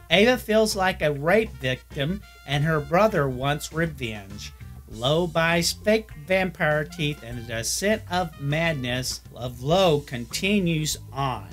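Man, blunt film review narration, lively pitch, faint music behind.

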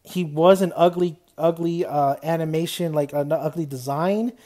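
A man's voice: fairly high pitch, steady tone, moderate pace, dark tone. Rambling male anime reviewer. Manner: rambling, loose, with frequent "man" and "you know". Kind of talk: casual unscripted review.

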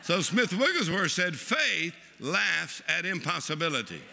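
A preacher, delivering an exuberant sermon and leading the congregation in laughter. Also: male voice, sits high, very animated, a little slow, creaky, background noise. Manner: exuberant, leads the crowd in laughing. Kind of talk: lively sermon.

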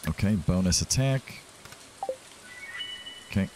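A man's voice: deep voice, lively intonation, slow pace. A man hosting a let's play, chatting casually and thinking aloud as he plays. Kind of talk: casual gameplay commentary. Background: game music.

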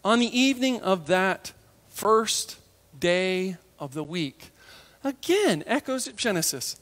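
A male preacher with a fairly high voice delivers a lively sermon. He slips into the voices of biblical figures as he tells the story and sinks to a near whisper for the tender parts. The delivery is expressive and conversational. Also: takes it slowly, in a large hall. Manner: drops to a hush for tender moments.

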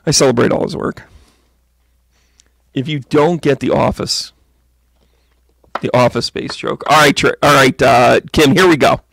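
A man's voice: fairly even intonation, unhurried, gravelly, pauses often, fairly bright tone, dry recording. A man giving a casual, joking tarot reading to viewers on a livestream, chatty and playful. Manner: jokey, chatty, slips into silly high voices.

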